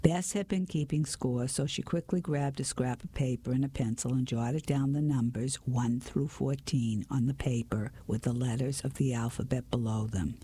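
A woman reading a story aloud in the first person, with an even, unhurried delivery. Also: a bass voice, a little hiss or hum. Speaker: audiobook narrator.

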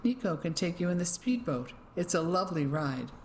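A storyteller voicing an assured Englishwoman who talks in a gentle but firm manner. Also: medium pitch, animated, moderate pace, slight background noise, close to an everyday voice. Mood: kindly.

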